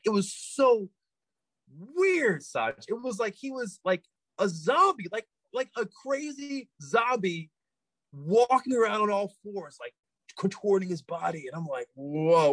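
A man, a podcast guest, telling a story in casual chat, animated, repeating himself with many fillers and restarts. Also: sits high, measured pace, husky, no room sound, low-quality recording.

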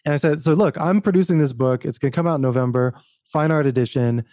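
Man, author guest, animated storytelling, acts out dialogue, restarts often, mellow tone, dry close recording. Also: a little high, quick pace, no echo. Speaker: author and book producer, podcast guest. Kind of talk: casual interview storytelling.

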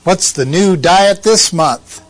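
Man, high voice, slow measured delivery, Bible teacher, rhetorical questions, asides to listeners.

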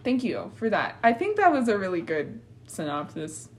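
A woman's voice: mid-range voice, wildly swooping pitch, moderate pace. A young woman hosting a casual podcast chat, her statements often rising like questions. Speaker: podcast host.

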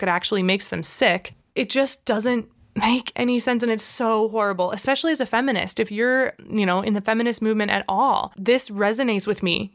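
Earnest young woman podcasting. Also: mid-range voice. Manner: earnest and emotional, many restarts and "like"s. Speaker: podcast host. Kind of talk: casual solo podcast monologue.

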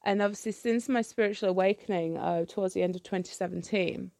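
A woman's voice: medium pitch, fast, mellow, dry recording, studio quality. A woman hosting her own podcast, talking candidly and rambling with plenty of fillers and restarts. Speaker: podcast host. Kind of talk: candid solo podcast chat.

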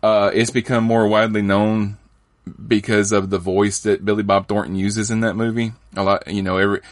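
A podcast host with a fairly low voice talks loosely about movies, restarting sentences and chuckling along the way. He sounds close and dry. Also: little pitch movement, moderate pace, no room sound. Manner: rambling, chuckling, frequent restarts.

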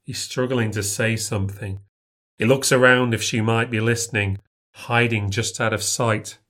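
A man reading a first-person ghost story in a measured, tense manner. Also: lowish voice, fairly even intonation, a bit bright.

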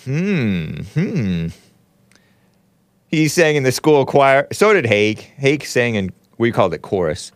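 A man's voice: medium pitch, big pitch swings, takes it slowly. A male talk show host with a middle-range voice that swings up and down a lot as he rambles. He sounds sarcastic and offhand, reading bits aloud and riffing with his chat. The sound is dry and close, with no room echo. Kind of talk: casual live-stream commentary.

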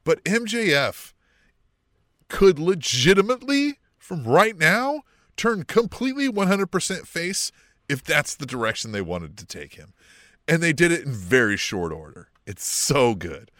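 High, lively male podcast co-host. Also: measured pace, dry recording, studio quality. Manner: enthusiastic, profane, riffing on ideas. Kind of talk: casual chat.

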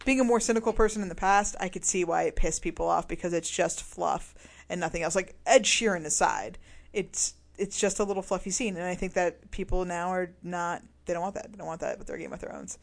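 A woman's voice: lowish voice, fairly quick, vocal fry. A woman co-hosting a casual chat, talking loosely, laughing often and swearing. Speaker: podcast co-host.

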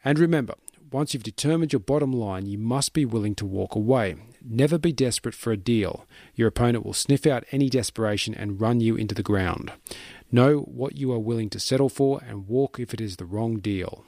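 A man reading a book summary aloud in steady, measured scripted narration. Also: mid-range voice, dry recording, studio quality.

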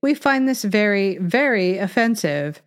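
A woman narrating a scripted satirical story in a measured, dry reading. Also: medium pitch, expressive, clear, resonant tone.

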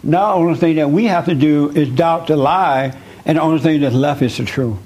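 An earnest male teacher preaching to a small group, coaxing them along with questions and repeated words. His voice sits a little high for a man. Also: brisk, darkish tone, rough recording. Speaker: spiritual teacher leading a group. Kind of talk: interactive sermon with audience questions.

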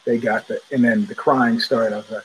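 Animated, profane male podcast host. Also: mid-range voice, moderate pace, heavy background noise. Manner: animated, profane, acts out quoted voices. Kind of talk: casual storytelling monologue. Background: child heard in the background.

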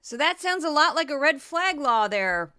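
A woman's voice: high-pitched, sing-song, moderate pace, bright, forceful tone. A woman from the American Midwest hosting a commentary podcast, talking in a sarcastic, mocking way. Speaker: podcast host.

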